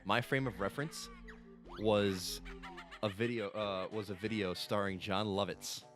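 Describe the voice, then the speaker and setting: Low-voiced rambling gamer man. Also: measured pace. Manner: rambling, excitable storyteller who swears freely. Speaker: gaming channel co-host, playing the game. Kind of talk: casual let's-play chat. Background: game music.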